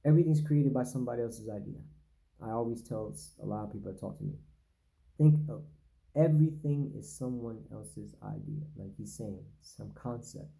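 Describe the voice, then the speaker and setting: A man's voice: fairly low pitch, moderate pace, creaky, mellow, rough recording. A man reading a text aloud to his listeners and breaking off for casual asides, often stumbling and repeating words. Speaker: channel host reading and commenting.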